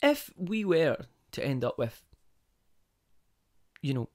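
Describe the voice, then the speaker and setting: A man's voice: fairly high pitch, huge pitch swings, takes it slowly, darkish tone, dry recording, studio quality. A man hosting a podcast on his own, talking casually and wandering off on tangents while asking his listeners rhetorical questions. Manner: rambling, goes off on tangents, asks rhetorical questions. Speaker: podcast host. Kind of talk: casual monologue.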